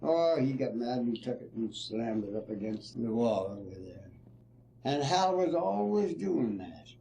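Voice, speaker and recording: An older former ball player reminisces in an interview, telling folksy stories with plenty of "see?" and "you know." His mellow, mid-range voice is expressive and a little slow, with vocal fry, over a slight hiss or hum.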